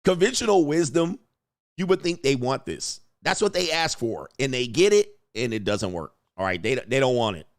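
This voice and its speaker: A man hosting a livestream, ranting casually and profanely while acting out quotes in animated bursts. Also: mid-range voice, moderate pace. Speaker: livestream host. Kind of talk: casual commentary rant.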